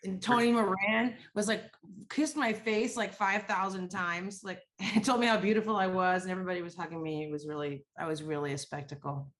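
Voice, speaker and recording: A woman's voice: medium pitch, fairly even intonation, a little fast, a bit bright. A woman co-hosting a casual podcast, telling stories candidly and swearing freely. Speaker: podcast co-host.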